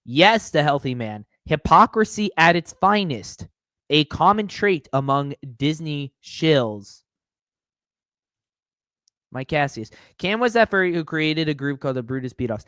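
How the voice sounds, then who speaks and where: A man's voice: fairly high pitch, sing-song, measured pace, fairly bright tone, no echo, studio quality. Sarcastic man reading stream chat. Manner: sarcastic, mocking, reads chat aloud. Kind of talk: live-stream reaction commentary.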